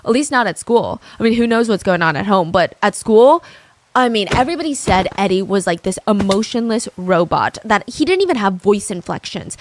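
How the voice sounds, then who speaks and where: A woman's voice: medium pitch, lively intonation, fairly quick, a little hiss or hum. A young woman casually telling a true crime story over gameplay, with lots of "like" and "I mean" asides.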